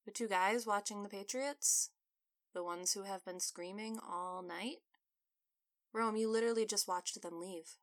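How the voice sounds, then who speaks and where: A woman playing a brisk, testy restaurant cook. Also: mid-range voice, natural voice. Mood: matter-of-fact. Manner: brisk, matter-of-fact. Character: busy, testy female cook and co-owner.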